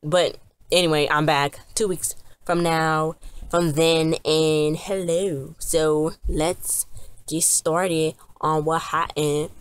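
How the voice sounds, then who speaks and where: A woman's voice: deep voice, flat delivery, slow pace, clean tone. A woman chatting casually to camera as she recaps a TV episode, rambling along with lots of fillers and "she was like" retellings. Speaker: TV episode reviewer.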